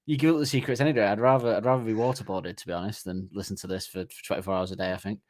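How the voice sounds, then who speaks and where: A man's voice: on the low side, steady tone, racing, a little mellow, no echo, studio quality. A man co-hosting a podcast in casual chat, joking and rambling with the odd swear. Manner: jokey, rambling, swearing, bursts into silly sung voices. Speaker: podcast co-host.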